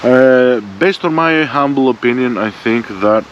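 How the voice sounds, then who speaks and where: Here a forties-aged motorbike vlogger with a mid-range voice talks a little slowly, ranting in a blunt, profane, meandering way. It's filmed outdoors on a front camera mounted to the bike, giving dull lo-fi audio with faint vehicle noise.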